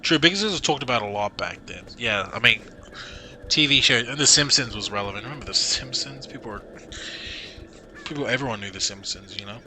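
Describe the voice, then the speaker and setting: A man's voice: mid-range voice, animated, brisk, sharp tone, a little hiss or hum. Rambling Australian man streaming a game. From Queensland, Australia. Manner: rambling, chatty, sarcastic asides. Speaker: gaming streamer. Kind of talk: casual chat over gameplay. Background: game music.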